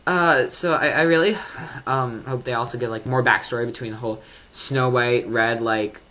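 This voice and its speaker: A young fan records a casual vlog review. The voice is bright and forceful, the talk excited and rambling, packed with fillers and little laughs. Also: mid-range voice, normal speed.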